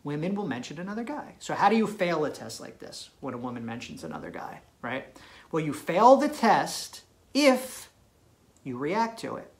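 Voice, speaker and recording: A dating coach speaks straight to camera in an advice video, his fairly high voice swinging widely in pitch at a moderate pace. He's emphatic and punchy, regularly checking in with "right?"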